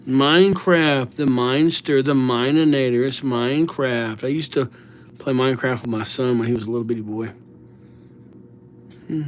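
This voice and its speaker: A man's voice: mid-range voice, normal speed, slight background noise. A middle-aged man hosting a livestream, chatting casually and greeting viewers by name with playful nicknames. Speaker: livestream host writing viewers' names.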